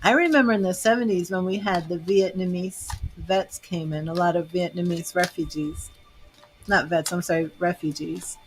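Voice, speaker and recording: A woman's voice: fairly low pitch, fairly even intonation, normal speed, faint music behind. Chatty middle-aged woman. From Boston, Massachusetts. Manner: chatty and rambling, laughs often. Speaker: tarot reader and psychic host. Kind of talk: casual livestream chat with viewers.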